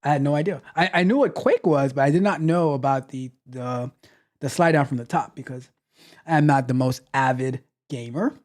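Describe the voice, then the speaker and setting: A man's voice: mid-range voice, moderate pace, darkish tone. A man with a middle-range voice hosts a tech livestream from his home setup. He reads viewer comments aloud, teases back in a playful way, and talks loosely, often repeating his phrases. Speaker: tech coach hosting a livestream. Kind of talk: casual livestream chat.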